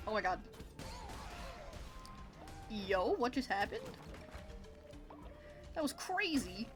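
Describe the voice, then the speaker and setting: A woman's voice: medium pitch, big pitch swings, extremely slow, pauses often, soft background music. A woman streamer giving casual gameplay commentary, chatty and giggly with sudden exclamations.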